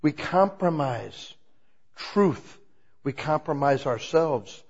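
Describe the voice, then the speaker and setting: A man preaching an informal, conversational sermon, asking the congregation many questions and swinging between quiet asides and loud, emphatic lines. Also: on the high side, expressive, takes it slowly, husky, dull audio. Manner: asks the listeners many rhetorical questions.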